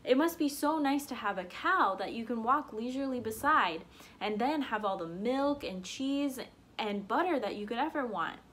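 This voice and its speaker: A woman's voice: on the high side, animated, normal speed, fairly bright tone. A woman voicing a naive, cheerful young peasant man in a told folktale. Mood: eager. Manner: eager, easily swayed.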